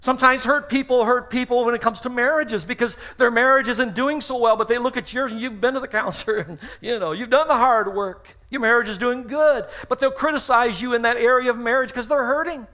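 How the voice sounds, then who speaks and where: High, bright-voiced pastor preaching. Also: male voice, a little fast, few pauses. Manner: storytelling with acted-out dialogue; emphatic, repeats key phrases. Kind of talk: sermon. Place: church sanctuary.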